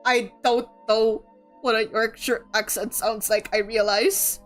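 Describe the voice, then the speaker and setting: A woman's voice: a little high, level tone, unhurried, faint music behind. A young woman from the Philippines chatting casually about a book, rambling with lots of fillers and laughter. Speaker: streamer.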